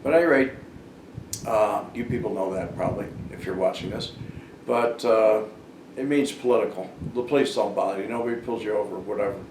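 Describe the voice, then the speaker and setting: A man's voice: fairly low pitch, fairly quick. An older man telling a rambling personal story in a casual monologue, full of fillers and restarts. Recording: roomy and noisy, far from the mic.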